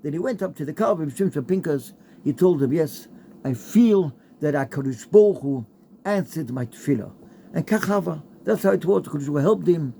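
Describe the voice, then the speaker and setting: A man's voice: a little high, animated, brisk, gravelly, mellow, a little hiss or hum. A man giving a heartfelt Torah talk with a story, mixing in Hebrew and Yiddish terms. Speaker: Torah speaker.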